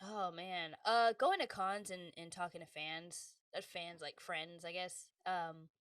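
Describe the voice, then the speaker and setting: A woman guest on a podcast, telling stories from her career in a lively, casual way. She acts out the people she quotes and laughs often. Her mic sounds dry and a little distant. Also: lowish voice, unhurried, clear, resonant tone, no room sound. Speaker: voice actress guest. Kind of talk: casual interview storytelling.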